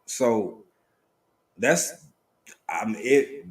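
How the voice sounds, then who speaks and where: A man hosting a casual live stream, talking in a relaxed drawl and greeting viewers by name with sudden excited bursts. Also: mid-range voice, takes it slowly, pauses often.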